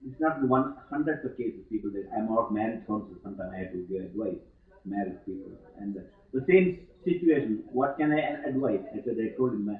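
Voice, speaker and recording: A middle-aged man giving a spiritual talk to students, halting and full of fillers, with sudden emphatic stresses. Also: fairly low pitch, expressive. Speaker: yoga teacher giving a talk. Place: ashram hall. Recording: old archive tape, echoey hall, tinny thin sound.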